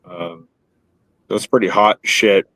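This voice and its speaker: A man's voice: on the low side, fairly even intonation, slow pace, bright, forceful tone, no echo. A man in his thirties telling a long story in casual podcast chat. He rambles, swears constantly and fills his sentences with likes and you-knows. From Canada. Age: 30s. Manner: rambling, heavily profane, filler-laden storytelling.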